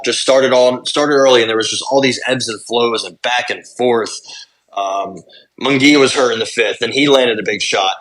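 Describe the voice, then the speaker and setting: A young adult man co-hosting a podcast, recapping fights in casual chat, talking fast and swearing. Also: mid-range voice, fairly bright tone. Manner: rapid, swearing fight recaps with lots of fillers. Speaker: podcast co-host.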